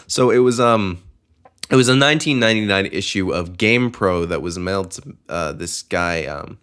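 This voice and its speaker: A man's voice: deep voice, unhurried, long pauses, a bit bright, clean tone. A young man hosting a casual podcast, rambling with lots of fillers and frequent laughter. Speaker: podcast host.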